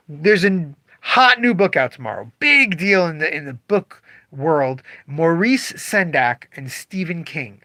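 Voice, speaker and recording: A man's voice: on the high side, moderate pace, dry recording. A man who owns a comic shop, talking casually on a livestream and acting out customers' voices. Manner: animated, acts out customer voices.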